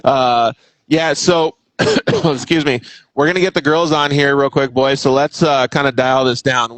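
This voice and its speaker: A man's voice: mid-range voice, fairly even intonation, normal speed, fairly bright tone, no room sound, rough recording. A man hosting a casual chat show, talking in a laid-back, slangy, rambling way. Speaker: host.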